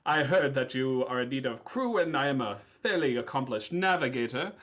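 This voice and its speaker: A man's voice: medium pitch, expressive, normal speed, fairly bright tone, slight background noise, close to an everyday voice. Man doing a cocky seafaring navigator, confident and a bit smug, muffled sound. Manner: self-assured, slightly full of himself. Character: boastful young male sea navigator.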